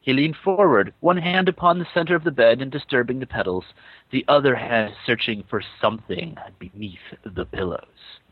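A man's voice: mid-range voice, moderate pace, husky, dry recording, dull audio. A man reading fan fiction aloud for comedy, breaking off now and then to laugh and comment.

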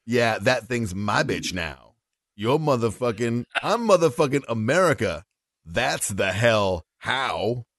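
A man's voice: medium pitch, big pitch swings, slow, dry recording, studio quality, full character voice. A man reading the part of a brash, swaggering America in a profane comedic dramatic reading. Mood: boastful. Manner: loud, cocky, profane declamation.

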